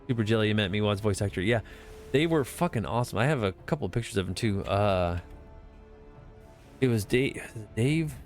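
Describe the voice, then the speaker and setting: Rambling, profane male game streamer. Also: lowish voice. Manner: rambling, profane, filler-heavy talk. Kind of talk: casual live-stream chat.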